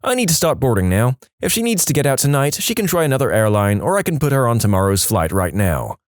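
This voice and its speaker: A man voicing a calm, firm female airline gate agent in a read-aloud story, speaking in measured, steady sentences. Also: mid-range voice, no room sound, studio quality, close to an everyday voice.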